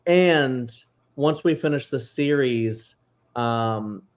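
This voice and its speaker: Rambling, excitable male co-host. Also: medium pitch, extremely slow. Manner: rambling, filler-heavy, excitable and a bit emotional. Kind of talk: casual chat.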